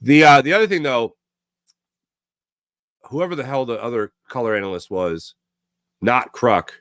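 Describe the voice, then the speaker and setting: A man's voice: medium pitch, unhurried, fairly bright tone, no echo, clean studio sound. A man hosting a sports talk show, ranting sarcastically and casually while reading viewer comments. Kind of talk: casual live-stream chat reading comments.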